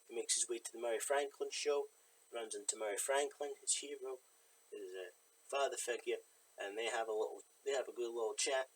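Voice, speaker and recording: A film reviewer casually recaps a movie's plot, rambling with plenty of fillers and asides. He has a medium-pitched voice and speaks fairly quickly, with slight background noise and poor audio.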